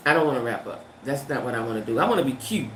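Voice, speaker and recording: A woman's voice: rumbling low, expressive, rapid-fire, roomy sound, slight background noise. A woman hosting a livestream in casual, emphatic chat, firing off rhetorical questions and slang. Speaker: livestream host. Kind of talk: casual chat reading viewer comments.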